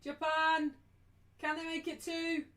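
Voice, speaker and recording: A woman hosting a live match watchalong, chatting casually and slipping into high baby talk with her dog. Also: monotone, slow, a bit bright. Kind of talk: casual live commentary and chat. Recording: voice a little distant from the mic.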